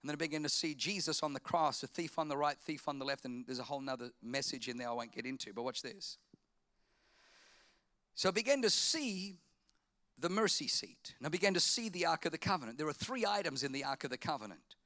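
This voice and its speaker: A middle-aged man, preaching a sermon, swinging from loud emphatic lines to quiet hushed asides. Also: a little high, animated, a little fast, no room sound. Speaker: pastor.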